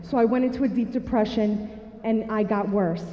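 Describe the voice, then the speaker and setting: A woman giving a personal testimony to an audience. She tells it as an animated storyteller and acts out the dialogue. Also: medium pitch, moderate pace, a little hiss or hum. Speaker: speaker sharing a personal story. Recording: echoey hall, dull sound.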